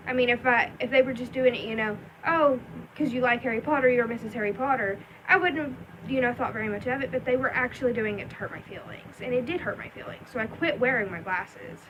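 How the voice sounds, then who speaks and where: A woman's voice: fairly high pitch, fast, lo-fi sound, a little hiss or hum. A young adult woman telling a personal story in a rambling, chatty vlog with many ums and likes. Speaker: vlogger.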